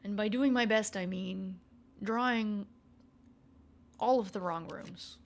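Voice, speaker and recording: A woman's voice: mid-range voice, slow pace, vocal fry. A young woman streaming a video game, chatting playfully with her live chat and thinking aloud as she plays. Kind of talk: casual gameplay commentary to a live chat.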